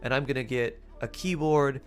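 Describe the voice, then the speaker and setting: A man's voice: medium pitch, moderate pace, music in the background. A man streaming live, improvising playful fortune-telling stories and laughing often.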